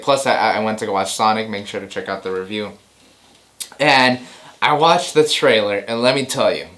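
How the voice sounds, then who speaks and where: A man hosting a casual movie news show, excitable and rambling, often repeating himself. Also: medium pitch.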